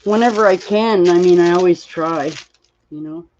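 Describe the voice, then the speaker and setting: On a dull, lo-fi stream, a weary woman crafts and rambles slowly, yawning, welcoming viewers and reading the chat out loud. She speaks on the low side with a darkish tone, and slight background noise is audible.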